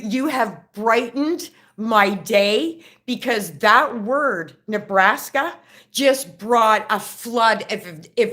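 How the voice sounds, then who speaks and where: A woman's voice: mid-range voice, a bit bright. A woman chatting casually on a live stream, reading viewer comments off her phone, rambling and stammering through restarts.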